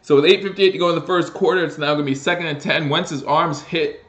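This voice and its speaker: A man's voice: on the high side, brisk, reverberant. A man hosting a live stream, giving casual play-by-play football commentary that picks up on big plays. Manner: casual, with fillers and restarts, rising excitement on plays. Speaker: host doing live play-by-play.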